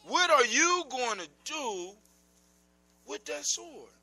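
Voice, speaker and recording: A man's voice: extremely high pitch, sing-song, takes it slowly, sharp tone, faint music behind, pitched above the performer's own voice, exaggerated voice. A man voicing a curious young prince who keeps asking questions.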